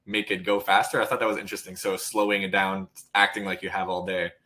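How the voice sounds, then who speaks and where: A man's voice: sits low, little pitch movement, quick pace, bright, forceful tone. A man hosting the workshop, summing up takeaways with many fillers and hesitations. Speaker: host.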